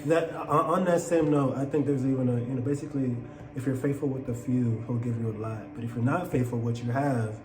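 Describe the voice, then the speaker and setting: A man's voice: medium pitch, steady tone, a little fast. A man who works in finance, a podcast guest talking enthusiastically, rambling with restarts, in casual chat. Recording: echoey room with crowd noise.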